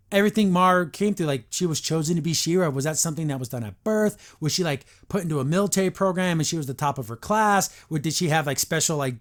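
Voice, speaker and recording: In casual, opinionated chatter, a male podcast host reviews an episode. His voice is slightly high, and he keeps leaping into lively put-on character lines before settling back into commentary.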